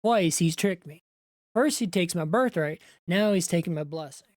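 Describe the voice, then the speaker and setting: A woman's voice: on the low side, moderate pace, darkish tone, dry recording, clean studio sound, lightly acted. A woman voicing a wronged grown son who pleads in a raised voice. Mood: aggrieved.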